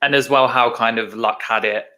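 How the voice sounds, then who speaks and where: A man's voice: mid-range voice, fairly even intonation, normal speed, bright, forceful tone. A man co-hosting a podcast, thinking aloud and correcting himself in casual discussion. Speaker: podcast co-host.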